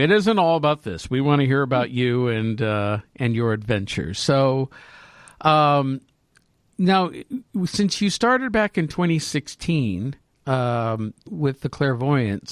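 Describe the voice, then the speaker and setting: A man's voice: mid-range voice, clean tone, no echo, studio quality. An American man co-hosting a paranormal podcast in casual chat, joking and laughing easily. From United States. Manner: jokey, laughs often. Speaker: podcast co-host.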